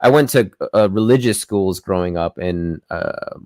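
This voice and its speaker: Male host, hesitant, lots of fillers, low voice, dry sound. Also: a little slow, darkish tone, no echo. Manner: hesitant, many fillers and restarts. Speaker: podcast host. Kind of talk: casual conversational interview.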